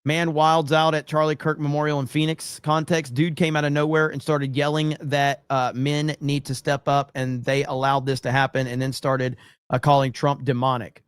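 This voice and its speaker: A man's voice: a little high, level tone, moderate pace, clear, resonant tone, dry recording. Casual male stream host, dry offhand delivery, clean dead sound. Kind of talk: casual commentary.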